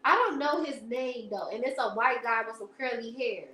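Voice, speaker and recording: A woman's voice: a little high, animated, normal speed, bright, forceful tone, slight background noise. A young woman, chatting casually to viewers in a rambling, laughing storytelling way. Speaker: live stream host. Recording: echoey room.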